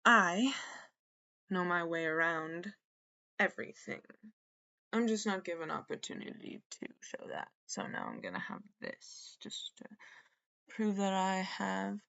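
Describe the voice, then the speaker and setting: A woman's voice: mid-range voice, vocal fry, a bit bright, dull audio. A woman hosting a podcast, rambling through a solo monologue, swearing and trailing off mid-thought. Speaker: podcast host.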